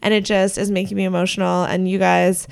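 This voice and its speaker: A woman's voice: mid-range voice, flat delivery, a little fast, creaky, no echo. A woman co-hosting a podcast in casual chat, gushing as she thanks listeners and reads their reviews. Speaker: podcast co-host.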